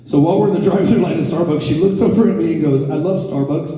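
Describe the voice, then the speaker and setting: A man's voice: on the high side, racing, dark tone. A man, doing a crude, brash live stand-up set. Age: 40s. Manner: brash, crude storytelling to a crowd. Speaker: stand-up comedian. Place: theater stage. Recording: echoey hall from far off.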